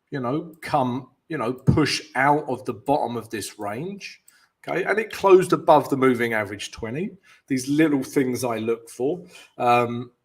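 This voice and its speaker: A man's voice: mid-range voice, breathy edge. A man hosting a live forex stream, chatting loosely with viewers, greeting them and walking through his charts. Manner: chatty, loose, keeps calling viewers "guys", light jokes. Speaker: forex trading coach and live stream host.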